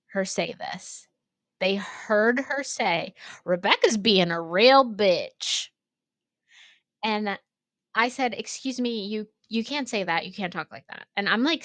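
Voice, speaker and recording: A young woman co-hosting a podcast, telling a story in a casual, animated way, acting out quotes and using lots of fillers. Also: medium pitch, dry recording. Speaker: podcast co-host, ceramics studio owner.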